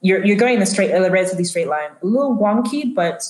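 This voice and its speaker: A woman narrating a tabletop game as game master, in a chatty, filler-heavy way at a middle pitch. Her voice bounces around an echoey room. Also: lively intonation, fast.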